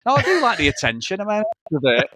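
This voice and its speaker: A man's voice: high-pitched, huge pitch swings, quick pace, bright, forceful tone, no room sound. A man, telling a story as a podcast co-host in casual, sweary chat. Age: 40s.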